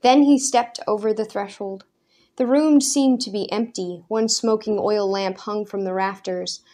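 An audiobook narrator, a woman with a medium-pitched voice, reads a story aloud in scripted narration that stays measured and even.

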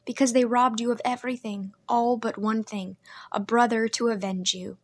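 A woman's voice: a little high, steady tone, normal speed. A woman reading an audiobook, voicing a proud, bitter young man who snaps and broods. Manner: curt, brooding, snapping. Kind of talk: audiobook character voice.

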